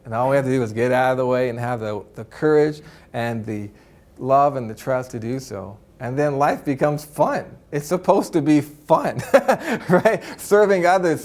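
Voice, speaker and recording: A man with a fairly high voice teaches spirituality to a live audience. He sounds earnest and upbeat, checks in with a quick "right?" and slips into easy chuckles. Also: darkish tone.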